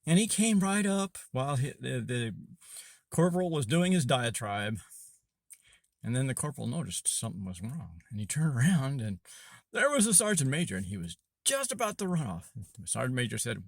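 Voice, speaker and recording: A man from Arkansas tells an Army story in a loose, rambling way, stopping often for fillers and correcting himself. His pitch rises and falls a lot, and the sound is close and dry. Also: big pitch swings, normal speed, no echo. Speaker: Army veteran telling a story. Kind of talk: casual storytelling.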